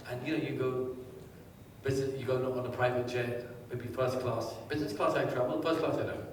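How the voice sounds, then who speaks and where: A man giving a live seminar, quizzing the audience and telling anecdotes in a lively way. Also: medium pitch, fast talker, a little hiss or hum. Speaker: motivational speaker. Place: large hall with a live audience. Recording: echoey hall, distant mic.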